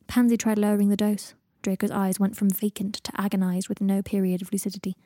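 A woman narrating a fan fiction audiobook in a hushed, intimate way, often near a whisper. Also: mid-range voice, little pitch movement, fast talker, dry recording, clean studio sound.

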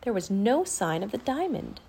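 A woman narrating a children's audiobook with clear, expressive storytelling. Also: medium pitch, normal speed.

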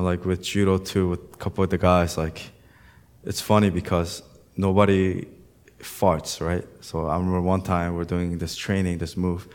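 A man, a pastor, preaching a sermon in a conversational way with storytelling asides. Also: low-pitched.

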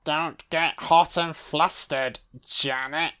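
Profane, slow-talking male film commentator. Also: fairly high pitch, smooth. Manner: profane, excitable running reactions. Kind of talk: audio-only film commentary.

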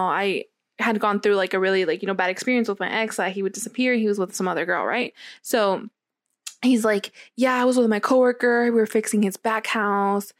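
A young woman casually telling a long personal story, acting out what was said with lively quoting. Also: medium pitch, dry recording, studio quality. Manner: animated storytelling, acts out quotes. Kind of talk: casual chat.

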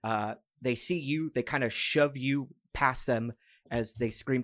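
A man's voice: mid-range voice, measured pace, fairly bright tone. A man narrating a tabletop game as game master, casual and full of filler words.

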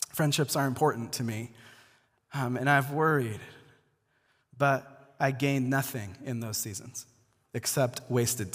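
Relaxed male pastor in a reverberant hall. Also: mid-range voice. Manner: relaxed, repeats words as he restarts, addresses the congregation directly. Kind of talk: conversational sermon. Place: church before a live congregation.

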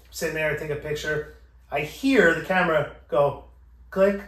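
A man with a fairly high voice tells a story in casual, foul-mouthed style, acting out every character's lines. He sits back from the mic in a bare, echoey room. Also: normal speed, recorded from a distance. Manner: profane, animated, acting out both sides of the exchange. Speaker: podcast host.

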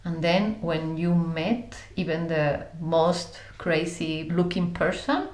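Lower-voiced woman, echoey room. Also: takes it slowly. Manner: lively, acts out quoted voices, many fillers. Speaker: guest. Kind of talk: conversational storytelling.

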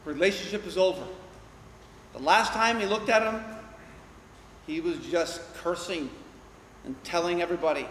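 A man's voice: high-pitched, normal speed, long pauses, fairly bright tone, slight background noise. A man preaching a sermon as pastor, earnest and emphatic. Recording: echoey hall.

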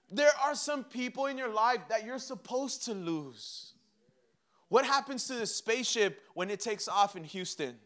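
A young man preaching a sermon, animated and humorous, acting out little dialogues with himself and God. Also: very high-pitched, unhurried. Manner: mixes laughter and humor into preaching. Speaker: pastor.

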